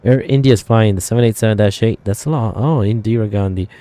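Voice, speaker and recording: Male sim streamer, casual live chat, rambling and self-correcting, low and mellow tone. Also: quick pace. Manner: thinking aloud, rambling with fillers and self-corrections.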